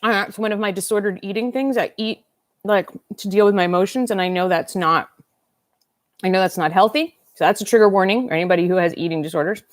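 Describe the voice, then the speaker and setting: A fast-talking woman in her 50s with a medium-pitched voice hosts a casual doll-collecting livestream, rambling, eating, and reading out viewer comments. There's no room sound, and the studio audio is clean.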